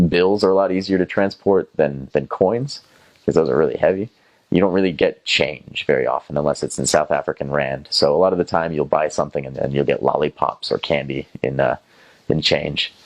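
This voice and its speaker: A young man from North Carolina with a Southern American accent, casually telling stories about his time as a missionary, rambling with lots of fillers and restarts and mimicking other people's voices. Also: very deep voice. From North Carolina, USA. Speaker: former missionary. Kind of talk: casual first-person storytelling.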